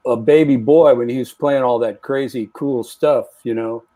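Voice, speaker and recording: Casting: relaxed guest drummer, chatty storyteller, mid-range voice. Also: male voice, mid-range voice, normal speed, dry recording. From San Francisco Bay Area. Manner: storytelling, relaxed, lots of "you know". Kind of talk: casual panel chat.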